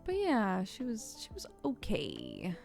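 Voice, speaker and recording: A woman's voice: medium pitch, huge pitch swings, takes it slowly, vocal fry, over music. A woman streamer chatting casually, telling stories in a rambling, chatty way. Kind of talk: casual chat while gaming.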